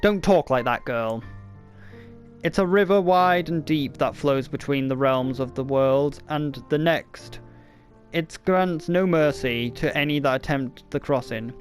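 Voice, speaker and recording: A man voicing a fierce, blunt old grandmother who talks roughly, in an amateur storybook reading. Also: on the high side, measured pace, faint music behind, close to an everyday voice. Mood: stern tender. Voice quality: rough, rage-thick delivery.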